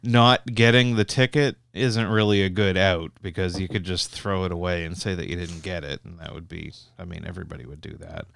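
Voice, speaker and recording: A man's voice: low voice, fairly quick, creaky, hardly any pauses, a bit bright, clear, resonant tone, no room sound. A young Canadian man telling long, rambling road stories in casual chat, swearing freely and full of "like" and restarts.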